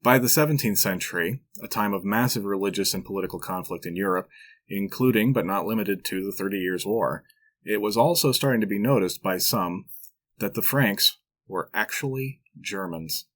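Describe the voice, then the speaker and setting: A man's voice: fairly low pitch, brisk. A man hosting a history podcast, narrating from a script with dry, wry asides. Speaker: podcast host.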